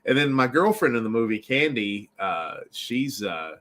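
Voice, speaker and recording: A man's voice: medium pitch, measured pace. Rambling storyteller man from Baltimore. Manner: rambling, animated storytelling with restarts. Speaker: filmmaker and actor. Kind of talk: casual interview storytelling.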